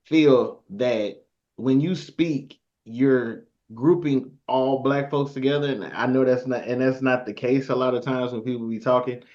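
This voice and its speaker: A man's voice: medium pitch, measured pace, darkish tone. A man hosting a podcast, talking in a laid-back, agreeable and slangy way. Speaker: podcast host. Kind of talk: casual interview talk. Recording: dull lo-fi sound.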